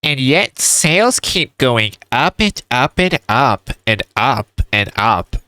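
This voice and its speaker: A man's voice: mid-range voice, sing-song, slow, sharp tone, clear, resonant tone, no echo, pitched above the performer's own voice, heavily acted. A man putting on the voice of a nerdy, condescending male game developer. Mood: smug. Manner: condescending, nasal nerd voice.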